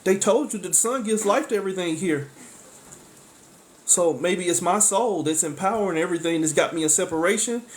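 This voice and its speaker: A man giving a casual spiritual tarot talk. He speaks bluntly with profanity, breaks in with frequent exclamations, and jumps between sharp high outbursts and low asides. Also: fairly quick. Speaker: tarot reader.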